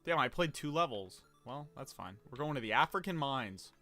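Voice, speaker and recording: A man's voice: medium pitch, lively intonation, moderate pace, sharp tone, faint music behind. A young man streaming from home, rambling and swearing as he gets flustered and mocks himself. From United States. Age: young adult. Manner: rambling, swearing, easily flustered, self-mocking. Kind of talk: casual livestream chat while gaming.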